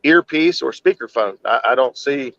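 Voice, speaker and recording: A man talking casually on a livestream from his car, holding his phone to his face, speaking in an easygoing, halting way. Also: medium pitch, expressive, vocal fry, a bit bright, no echo, muffled recording. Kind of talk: casual chat. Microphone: phone held to face in a car.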